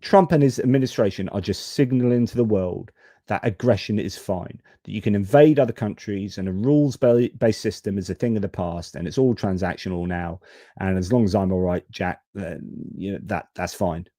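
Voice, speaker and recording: A man hosts a live-stream news commentary in a frank, exasperated way, swearing casually. His voice is mellow and warm, and it sounds dry and close. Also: on the low side, normal speed, no echo. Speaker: host.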